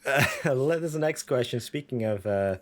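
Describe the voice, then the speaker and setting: Young guy on a gaming podcast, rambly storyteller, even middle pitch. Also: normal speed. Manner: rambling storyteller, acts out voices. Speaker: podcast co-host. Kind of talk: casual chat.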